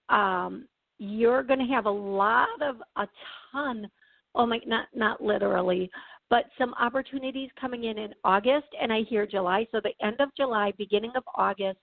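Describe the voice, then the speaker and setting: A woman hosting a call-in radio show as a psychic medium, chatty and reassuring, often clearing her throat. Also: a little high, no room sound. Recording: tinny phone-like sound, dry.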